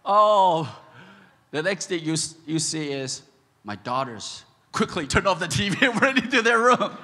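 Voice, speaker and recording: Animated pastor man telling a story. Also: on the high side, moderate pace, in a large hall, a little hiss or hum. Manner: animated, laughing, swings between shouting and hushed. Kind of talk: storytelling sermon. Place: large church hall.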